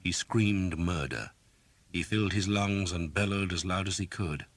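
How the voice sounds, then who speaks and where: A man reading an audiobook in a measured, dramatic narration style, close to a studio mic. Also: sits low, no room sound. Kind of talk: scripted narration.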